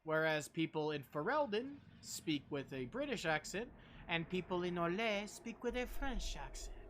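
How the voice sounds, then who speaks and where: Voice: mid-range voice, lively intonation, normal speed, a bit bright, a little hiss or hum. A game streamer giving casual, joking commentary with plenty of swearing and self-deprecating asides.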